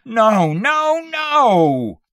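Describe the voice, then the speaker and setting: A man's voice: on the low side, slow, fairly bright tone, no echo, studio quality, recorded from a distance. A man voicing a frightened young man whose pleading turns to panicked screams. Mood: terrified screaming. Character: terrified young man crying out in the dark.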